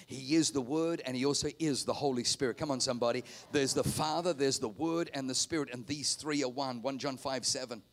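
A man preaching a sermon in a fervent, repetitive style that builds into exhortation. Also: medium pitch. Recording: loud guitar music behind.

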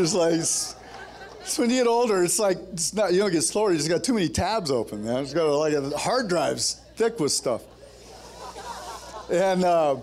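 A man preaching a sermon at a men's gathering, telling a story and then building to fervent, rousing exhortation with joking, conversational asides. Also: high voice.

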